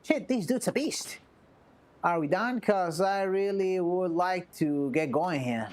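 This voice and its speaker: A blunt game brawler who mocks and ribs with quick, slangy impatience, as a woman streamer reads his lines. The delivery stays close to an everyday speaking voice, a touch low. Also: darkish tone. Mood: mocking. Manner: sarcastic, impatient, casual slang. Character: blunt, mocking man, a brawler. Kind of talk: reading game dialogue aloud.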